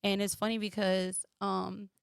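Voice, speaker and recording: A woman from the United States telling a personal story as a podcast guest, animated and quoting others in lively voices. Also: medium pitch, measured pace, gravelly, clean tone, no room sound, clean studio sound.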